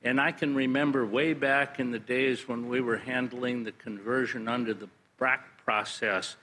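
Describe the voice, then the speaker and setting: A man's voice: mid-range voice, fairly even intonation, moderate pace, bright, forceful tone, slight background noise, low-quality recording. A man speaking to a board at a public meeting as their federal lobbyist, with dry humor and a storytelling manner.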